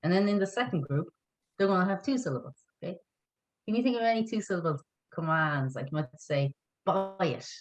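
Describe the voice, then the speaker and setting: A woman's voice: lowish voice, animated, fairly quick, rough recording. A woman teaching an online language lesson, patient and encouraging, spelling words out letter by letter.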